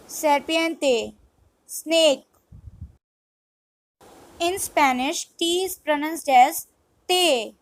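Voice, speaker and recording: A woman tutor reading a scripted vocabulary drill, one word at a time, slow and deliberate. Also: high-pitched, rough recording. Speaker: language tutor.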